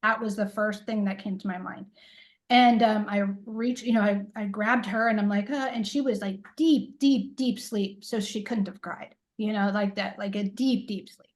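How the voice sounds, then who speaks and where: A woman's voice: medium pitch, steady tone, moderate pace, poor audio. A middle-aged woman telling a personal story in a casual interview, rambling with lots of fillers and acting out what people said. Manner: rambling, filler-heavy storytelling, acts out quoted dialogue. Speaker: interview guest, intuitive coach.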